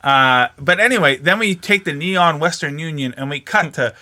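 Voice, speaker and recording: A man co-hosting a podcast, chatting casually about a movie, animated and profane, mockingly acting out the characters. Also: a little high, normal speed. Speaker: podcast co-host. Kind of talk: casual movie commentary chat.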